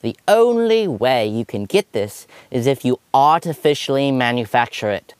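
A man's voice: medium pitch, lively intonation, normal speed, smooth, no room sound, natural voice. A man voicing a male scientist in a put-on British accent, delivering a quoted statement in a stiff, exaggerated way. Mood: earnest.

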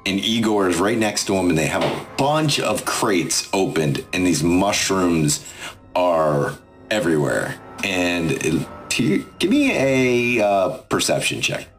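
A man running a tabletop game as game master, narrating in a relaxed, halting way. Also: sits low. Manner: relaxed, halting, many restarts.

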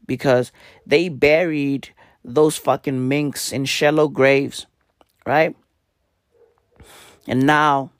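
A man hosting a podcast, with a hoarse, worn-out voice and low energy, talking in a casual, profane comedic rant. He keeps tagging his lines with slang and "right?". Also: no room sound, studio quality. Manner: profane, repetitive, tags lines with "bruv" and "right?". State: hoarse, voice nearly gone. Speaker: podcast host.

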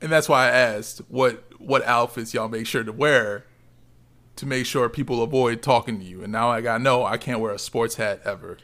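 Animated man telling a story. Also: mid-range voice, moderate pace. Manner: animated storytelling, swears freely. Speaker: podcast co-host. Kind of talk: casual podcast chat.

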